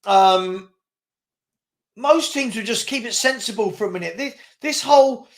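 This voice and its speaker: A man's voice: very high voice, lively intonation, unhurried. A man, hosting a live fan watchalong, calling the match and reading the chat with exasperated, laughing commentary.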